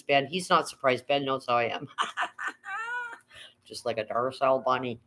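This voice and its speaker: A woman's voice: extremely low pitch, huge pitch swings, a little slow, long pauses, a bit bright, a little hiss or hum, low-quality recording. Older woman rambling through a livestream chat. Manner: rambling, reads viewer chat aloud, swears casually. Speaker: livestream host. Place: at home.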